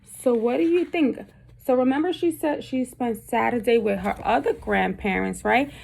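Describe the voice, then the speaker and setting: Gravelly-voiced woman teacher reading aloud. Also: fairly high pitch, a little mellow, slight background noise. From Puerto Rico. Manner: pauses often to ask the class questions. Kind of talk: reading a picture book aloud to a class.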